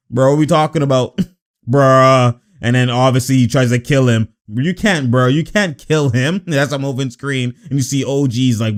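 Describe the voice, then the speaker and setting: A young man giving loose reaction commentary over game footage, with a voice pitched a little high for a man. He laughs constantly and calls out to the players as if they could hear him. He keeps it excitable and casual, breaking down plays as they happen. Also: moderate pace. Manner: excitable, laughs often, talks to players on screen.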